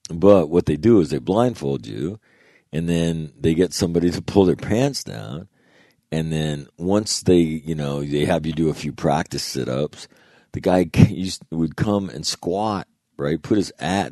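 Older ex-Marine man, very low dark voice, profane storyteller, dry close sound. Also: a little slow, no echo. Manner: profane, laughing, animated retelling. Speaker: former Marine. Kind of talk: casual storytelling.

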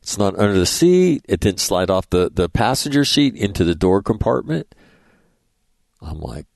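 A man's voice: on the low side, big pitch swings, normal speed, creaky, a little mellow, no echo. A middle-aged man hosting a radio show, telling rambling, profane anecdotes and acting out the dialogue in a casual monologue.

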